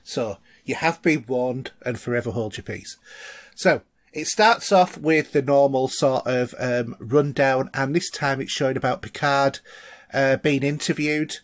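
A man's voice: mid-range voice, measured pace. A middle-aged man co-hosting a casual podcast, chatty and rambling with lots of fillers. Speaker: podcast co-host.

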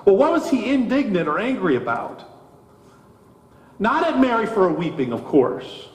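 A man preaching a sermon as pastor, slow and deliberate, with emphatic rises in his delivery. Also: sits high, sing-song. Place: church sanctuary. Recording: echoey church hall.

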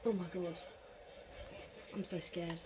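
Excitable woman commentating her game. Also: lowish voice, slow, background noise. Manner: excitable, swearing, erupts into shouts at big plays. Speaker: gaming commentator. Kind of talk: casual live game commentary.

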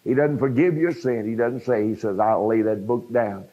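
A man's voice: mid-range voice, normal speed. An older man, preaching his own testimony to a congregation and speaking to the listeners directly. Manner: preaching storyteller, addresses the crowd directly. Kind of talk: sermon testimony. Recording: dull lo-fi sound.

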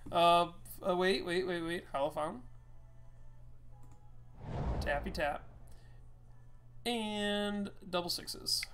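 A man giving casual, loud, teasing commentary while playing a card game with a friend, swearing now and then. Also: high voice, slow, pauses often. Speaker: card game player and co-host.

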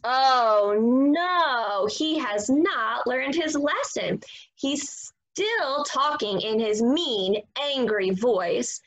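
A woman teacher reading a story aloud to young children, animated and expressive. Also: high voice, very slow, low-quality recording. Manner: animated, expressive, gasping for effect.

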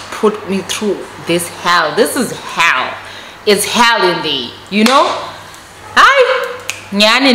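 A South African woman telling a story on her vlog, animated and switching between Xhosa and English. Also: medium pitch, slight background noise. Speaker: vlogger. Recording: echoey room recording.

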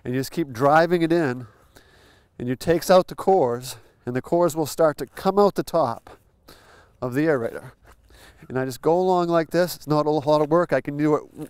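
A man's voice: on the high side, a little fast, darkish tone, clean tone, no echo. A man hosting a lawn care lesson outdoors, explaining steps in a folksy, plain way with simple comparisons. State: a little out of breath at times. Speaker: lawn care show host. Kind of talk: instructional demonstration.

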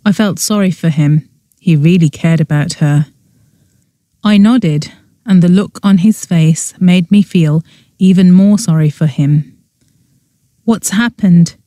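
An audiobook narrator reading a cozy mystery in first person, with an even storytelling manner. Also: mid-range voice, a little slow, no room sound, studio quality.

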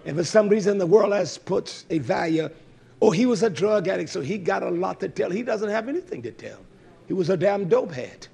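A man preaching a sermon, bluntly scolding, repeating lines for stress and swinging from soft low talk to loud shouting. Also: lively intonation, brisk, vocal fry, breathy edge. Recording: live-streamed service.

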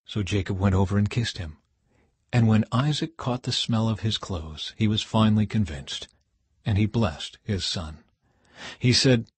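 A man reading scripture aloud in a measured way, his voice falling low at the ends of phrases. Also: animated, breathy edge, no echo. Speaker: Bible reader.

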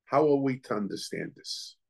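A man's voice: mid-range voice, wildly swooping pitch, normal speed, creaky, darkish tone, husky. A man teaching as a rabbi in a Torah lecture. He reasons aloud, asks questions, and often halts to search for words and restart.

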